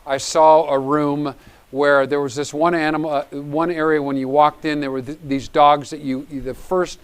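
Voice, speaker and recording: A man's voice: fairly high pitch, little pitch movement, moderate pace, clear, resonant tone. A man hosting a live charity auction, upbeat and urging people to bid. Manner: upbeat, pushes for bids. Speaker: gala auction host.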